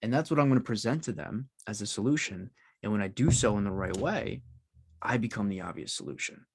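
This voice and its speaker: A man hosting an interview, explaining his ideas in steady, casual talk with frequent "like"s. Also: on the low side, a little fast, vocal fry, husky. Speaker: podcast host.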